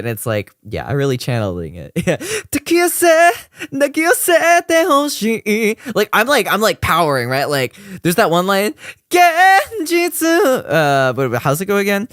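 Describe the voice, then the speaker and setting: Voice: medium pitch, smooth, no room sound, studio quality. A young adult streamer chatting casually with viewers, rambling with lots of fillers and laughing often. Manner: giggly, laughs often, gushing. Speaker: streamer reviewing a cover mix.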